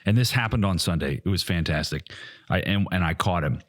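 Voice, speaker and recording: A man's voice: sits low, lively intonation, brisk. A man co-hosting a casual podcast, ranting bluntly and swearing a lot. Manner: blunt, profane, heated rants. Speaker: podcast co-host.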